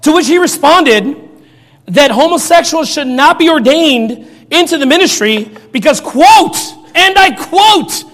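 A man preaching in a mocking, sarcastic rant, now and then bursting into shouts. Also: very high voice, lively intonation, moderate pace. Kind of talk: ranting commentary. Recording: long reverb.

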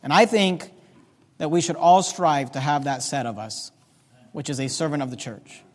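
High-voiced preacher in a reverberant hall. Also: male voice, moderate pace. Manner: reads scripture aloud in a rising, emphatic voice. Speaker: pastor. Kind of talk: sermon. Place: church sanctuary.

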